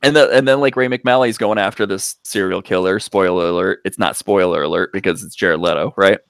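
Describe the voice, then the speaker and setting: A man's voice: deep voice, fairly quick, fairly bright tone, clear, resonant tone, no room sound, clean studio sound. Rambling, profane man recapping a movie. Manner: rambling, profane, acts out quotes with big voice jumps. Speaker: podcast co-host reviewing movies. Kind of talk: casual chat.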